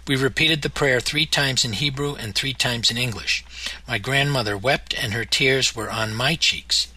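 Male audiobook narrator, somber memoir reading, husky edge, mid pitch. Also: moderate pace, sharp tone, rough recording.

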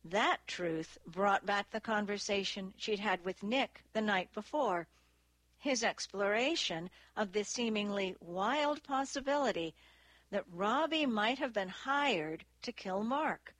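A woman reading a novel aloud as narrator, in a measured, steady delivery. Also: medium pitch, no room sound. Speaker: audiobook narrator. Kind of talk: scripted narration.

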